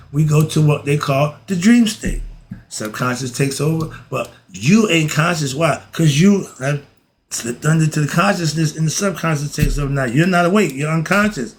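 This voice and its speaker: A man's voice: fairly high pitch, slight background noise. A man teaching philosophy in a casual, emphatic way, often throwing rhetorical questions at his listeners. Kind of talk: casual spoken lesson.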